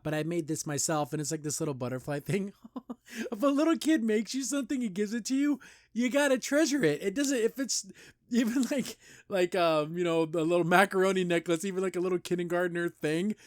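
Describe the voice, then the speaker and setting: A fairly high-voiced man talks through a cartoon episode in a loose, eager review. He piles on fillers and restarts, and his voice shoots up whenever something strikes him as sweet or beautiful. The sound is dry and close, with no room around it. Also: dry recording. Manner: enthusiastic, rambling, heavy on "like" and "you know"; pitch jumps up when praising. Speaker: host of a cartoon review show.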